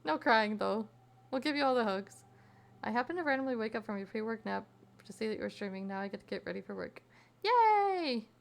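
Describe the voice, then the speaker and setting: A young woman streams while she crafts, chatting easily with her viewers and reading their messages aloud between giggles. Her voice sits at an ordinary middle pitch, with a gravelly fry running through it. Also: fast. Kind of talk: casual chat with live chat while crafting.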